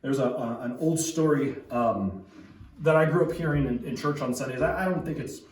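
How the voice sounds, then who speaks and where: A man's voice: medium pitch, moderate pace, a little mellow, echoey room, distant mic, rough recording. A man preaching a sermon as a pastor, talking in a conversational way with frequent restarts and asides. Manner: conversational, with many restarts and tag questions. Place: church.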